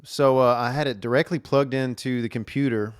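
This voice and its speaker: A man's voice: medium pitch, steady tone, a little fast, clean tone, no room sound, studio quality. A man hosting a solo podcast, telling stories in a rambling way with lots of fillers and restarts. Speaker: podcast host. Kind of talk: casual solo podcast monologue. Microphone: camera recording at a desk.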